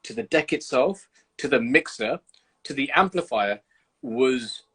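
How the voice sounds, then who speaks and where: A man hosting a casual livestream chat from the UK, telling animated stories and swearing freely. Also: medium pitch, measured pace, slightly rough. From United Kingdom. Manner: animated storyteller, swears freely, acts out scenes. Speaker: host. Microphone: video call.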